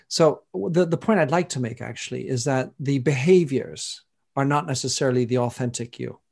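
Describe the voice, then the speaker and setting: A middle-aged man with a French accent, a guest in an interview answering in a reflective, measured way. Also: mid-range voice, vocal fry, a little mellow, breathy edge.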